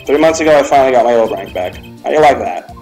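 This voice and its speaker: A man's voice: mid-range voice, lively intonation, fast talker, darkish tone, soft background music, lightly acted, rough recording. A man putting on a drawling cowboy detective. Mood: folksy. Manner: drawling put-on Southern twang. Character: folksy cowboy detective, veteran, laid-back.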